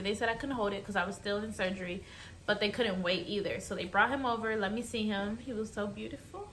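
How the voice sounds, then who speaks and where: A woman's voice: medium pitch, fast, fairly bright tone, a little hiss or hum. Chatty young woman vlogger. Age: young adult. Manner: chatty, emotional, addresses viewers directly. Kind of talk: casual storytelling to camera.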